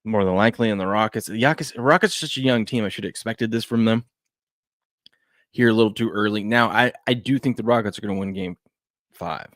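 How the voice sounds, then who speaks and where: A man's voice: fairly low pitch, fairly quick, fairly bright tone, no room sound. A man hosting a casual sports talk show, rambling and restarting his sentences as he reacts to game clips and chat. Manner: rambling, repeats himself, frequent restarts and fillers.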